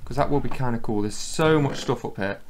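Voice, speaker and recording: A man's voice: medium pitch, fairly quick, slight background noise. A man giving casual, chatty gameplay commentary, thinking aloud as he plays. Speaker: gaming channel host.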